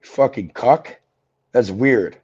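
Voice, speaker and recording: A man's voice: medium pitch, slow, darkish tone, slightly rough. A man ranting angrily and profanely on a livestream, confronting someone he is arguing with. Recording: dull lo-fi audio.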